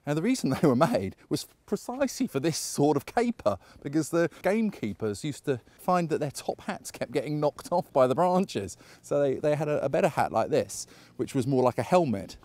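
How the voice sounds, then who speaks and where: A man's voice: fairly high pitch, big pitch swings, normal speed, few pauses, darkish tone, no room sound. A man chatting casually as he leads a walking tour outdoors, full of anecdotes and frequent chuckles. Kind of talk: casual guided walk narration. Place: outdoors on a park walk.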